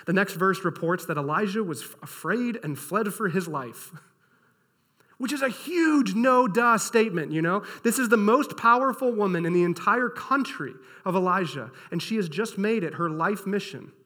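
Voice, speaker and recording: Male pastor, high bright voice, lively casual storyteller; hall reverb. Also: moderate pace. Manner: energetic storytelling, casual and animated. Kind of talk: sermon.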